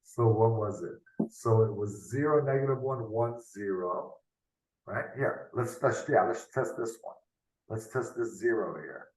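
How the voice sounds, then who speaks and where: A man's voice: lowish voice, measured pace, a little mellow. A man tutoring math in a loose, unscripted lesson, thinking aloud and often ending with tag questions, heard over a video call. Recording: roomy, from off the mic.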